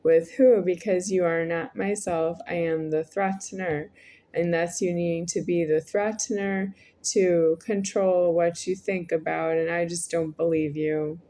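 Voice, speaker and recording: A woman's voice: lowish voice, fairly even intonation, measured pace, warm tone, a little hiss or hum. A woman in her forties speaking in a rambling, repetitive monologue to the camera, with frequent hesitations. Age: 40s. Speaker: vlogger.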